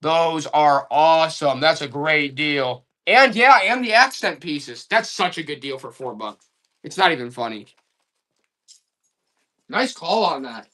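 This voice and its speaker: A man with a fairly high voice hosts a live auction stream. He hypes each piece with excited seller talk and calls out to his viewers. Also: a little slow. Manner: excited hype salesman talk.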